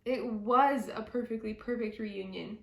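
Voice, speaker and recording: Slow, expressive woman reading a picture book. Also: fairly high pitch, gravelly. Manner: expressive, slow storytelling with occasional slips. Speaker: storybook reader. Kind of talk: children's read-aloud. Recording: echoey room.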